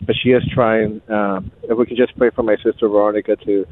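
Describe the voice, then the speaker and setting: A man's voice: fairly low pitch, flat delivery, fast, a little hiss or hum. Hesitant male caller over a phone line. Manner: hesitant, many fillers, clears throat.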